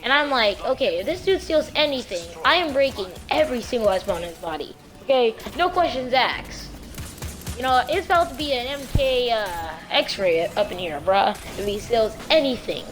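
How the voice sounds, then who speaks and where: A woman casually telling a true story on her vlog in a rambling, slangy, animated way. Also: a little high, normal speed, soft background music.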